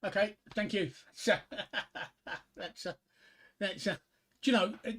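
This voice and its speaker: Un hombre con acento británico cuenta chistes en un directo informal, titubeando y repitiendo palabras a menudo. Su voz es algo aguda, con un timbre brillante y nítido. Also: male voice, sits high, a bit bright. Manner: halting, with many repeated words and fillers. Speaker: livestreamer. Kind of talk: casual joke-telling on a livestream.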